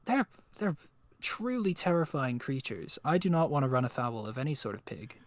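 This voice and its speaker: A man's voice: mid-range voice, animated, normal speed, no echo. A man co-hosting a live stream, chatting playfully and riffing with exaggerated jokes. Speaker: streamer co-host. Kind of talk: casual live-stream chat.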